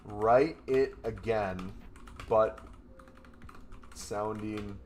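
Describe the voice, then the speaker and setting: A man's voice: lowish voice, drawn-out words, pauses often, a little hiss or hum. A man in casual chat, playful and amused, giving spoken prompts to an AI. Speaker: gaming content creator.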